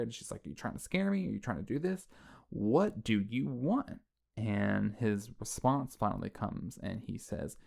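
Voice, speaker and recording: A man's voice: lowish voice, creaky. A man casually recapping a horror movie scene by scene, rambling and conversational, often checking in with listeners. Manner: rambling, conversational, with frequent "like" and "right?". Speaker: film commentary host.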